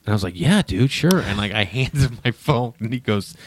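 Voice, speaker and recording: A man talking in casual podcast chat, relaxed and chatty, telling a story. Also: on the low side, brisk, a little hiss or hum.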